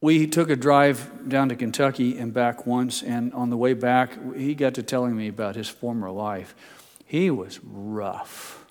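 An older male pastor preaching a storytelling sermon. His voice sits in a middle pitch, and the long reverb of a church hall trails each phrase. He moves from homely asides into rising, emphatic peaks. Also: steady tone, unhurried.

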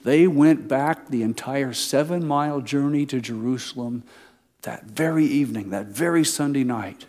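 A man preaching a sermon, retelling a story, swinging between loud emphasis and soft, slow asides. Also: mid-range voice. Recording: long hall reverb.

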